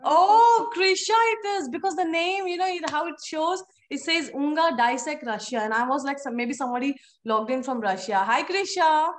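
A woman's voice: high-pitched, normal speed, few pauses. A woman teaching a live online phonics class to young children, encouraging and playful in a sing-song way.

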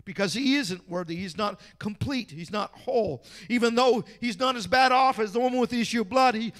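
A man's voice: extremely high pitch, brisk, a bit bright. A male pastor preaching a sermon in church with an impassioned, repetitive cadence.

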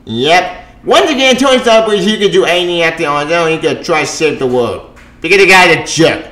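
A man's voice: fairly high pitch, animated, a little fast, bright, forceful tone. A man reviewing a comic book in a casual, rambling, sarcastic way, with many restarts and asides. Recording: roomy echo.

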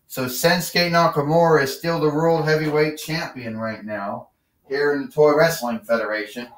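Excitable man calling a toy wrestling match. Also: on the high side, normal speed, echoey room, far from the mic, slight background noise. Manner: excitable, rambling, stumbling over words. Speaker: play-by-play commentator.

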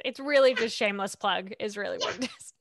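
A woman's voice: medium pitch, fairly quick, vocal fry, fairly bright tone. A woman narrating a tabletop game as its game master, playful and amused.

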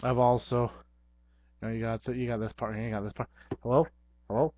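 A man's voice: mid-range voice, flat delivery, fast talker, no room sound. Guy goofing around in a home video, silly sound effects, dull lo-fi dry mic. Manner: goofy, playful, sound effects. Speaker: vlogger. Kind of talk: casual talk to camera. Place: home, at his computer.

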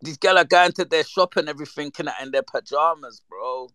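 A man, chatting casually and reminiscing with lively slang, acting out the voices in his stories. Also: on the high side, brisk, clean tone, no room sound. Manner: animated, slangy, acts out quoted voices. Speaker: storyteller.

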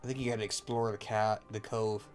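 A man's voice: on the low side, level tone, a little fast, soft background music. Joking man giving backseat gameplay tips. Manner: joking, offhand backseat commentary. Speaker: let's play co-host. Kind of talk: casual gameplay chat.

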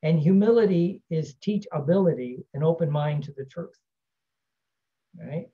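This man's self-help talk is a casual, rambling teaching monologue, peppered with "right?" tag questions. He speaks at a measured pace in a slightly high voice, and the audio sounds dull.

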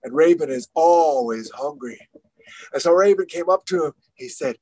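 A man's voice: a little high, lively intonation, moderate pace, dark tone, no echo, rough recording. A man telling a traditional story with rhythmic, repeating phrases. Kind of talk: oral storytelling.

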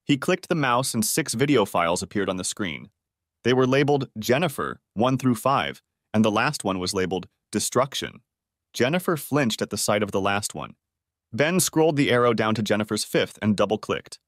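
A man narrating a dramatic story audiobook in a steady, low storytelling manner. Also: moderate pace, no room sound, studio quality.

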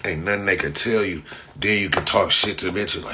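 Slight hiss or hum sits under a low, brisk voice that sounds pushed and bright. The speaker is a young livestream host from Inglewood, Los Angeles, whose casual rant is profane, boastful, repetitive and full of laughter.

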